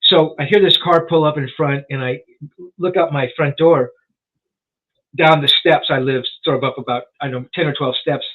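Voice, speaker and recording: A man's voice: fairly high pitch, fairly even intonation, moderate pace. A man in his sixties, a rock journalist and author, telling a story as a guest in a casual interview, rambling with lots of "you know" and restarts. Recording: tinny phone-like line.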